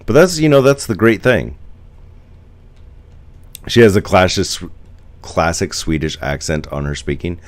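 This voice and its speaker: A man's voice: deep voice, unhurried, long pauses, no room sound. A man in his forties from the United States, chatting casually on a live stream, rambling and answering viewer comments.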